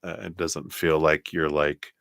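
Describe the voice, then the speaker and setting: A low-voiced man from Colorado with a slight Southern drawl, reading tarot cards on a live stream. He talks in a chatty, rambling way, with soft laughs and muttered asides. The sound is dry, with no room echo. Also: flat delivery, unhurried, vocal fry. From Colorado, USA. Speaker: tarot reader.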